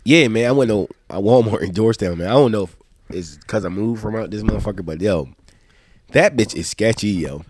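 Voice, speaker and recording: A man's voice: on the low side, fairly quick, a little hiss or hum. A man hosting a casual podcast chat while sick with a stuffed-up nose, telling loose, profane stories. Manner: loose, profane, animated storytelling. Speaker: podcast host.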